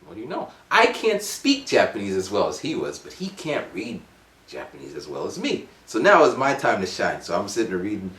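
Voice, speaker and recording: A man in his forties telling a rambling, animated story at home. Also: on the low side, brisk, roomy sound. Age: 40s. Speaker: vlogger. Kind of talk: casual storytelling vlog.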